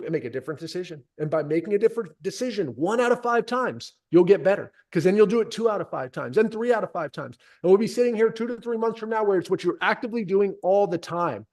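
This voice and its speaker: Emphatic high-voiced male sales coach. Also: quick pace. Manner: energetic, emphatic, direct address. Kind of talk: coaching session.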